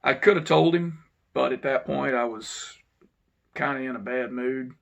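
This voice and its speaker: A man, telling a personal story to his channel's viewers in an unhurried, reflective way that sometimes drops to a low mutter. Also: creaky. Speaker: channel host. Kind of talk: casual storytelling monologue.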